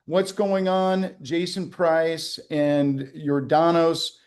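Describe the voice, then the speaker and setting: A winery executive with a fairly high pitch, flat delivery and darkish tone speaks very slowly. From the winery, he hosts a casual virtual wine tasting over a video call, rambling and joking with fillers and restarts.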